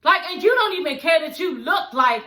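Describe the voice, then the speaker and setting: A woman's voice: high voice, expressive, brisk, bright, forceful tone. A woman giving a blunt, sassy, profane recap of a reality show in casual commentary. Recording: echoey room.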